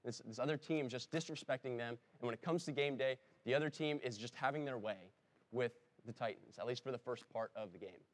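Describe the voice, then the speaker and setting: A man's voice: medium pitch, brisk. A man preaching a sermon in a conversational way, breaking into emphatic rises when he quotes someone, and stopping now and then to correct himself. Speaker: pastor. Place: church.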